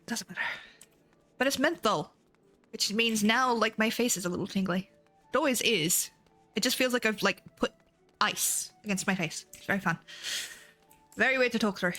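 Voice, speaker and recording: A woman's voice: mid-range voice, moderate pace, pauses often, sharp tone. A young adult woman streaming a game, chatting casually and animatedly, with frequent swearing. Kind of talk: casual live-stream chat. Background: game music.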